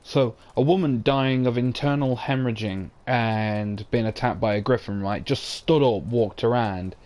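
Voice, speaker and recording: A man's voice: medium pitch, moderate pace, a little mellow. A young British man giving casual, sarcastic let's-play commentary and swearing as he plays. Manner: sarcastic, swears, talks to himself. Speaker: gamer commentating his playthrough.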